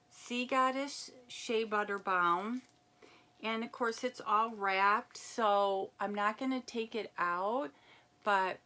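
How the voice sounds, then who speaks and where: A woman chatting casually as she unboxes a gift package, reading labels aloud and reacting with excitement. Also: mid-range voice. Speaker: unboxing vlogger. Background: crinkling packaging.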